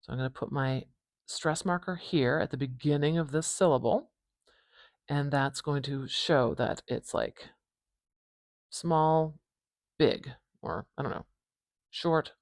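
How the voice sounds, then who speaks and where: A pronunciation teacher with a North American accent, giving an informal phonetics lesson, thinking aloud and repeating words slowly and deliberately. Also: mid-range voice, steady tone, dry recording.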